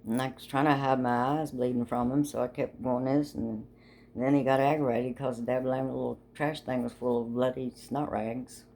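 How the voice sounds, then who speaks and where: A woman's voice: a bass voice, steady tone, moderate pace, a little mellow, slight background noise. An older woman telling a rambling personal story in a chatty, folksy way, laughing often. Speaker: vlogger.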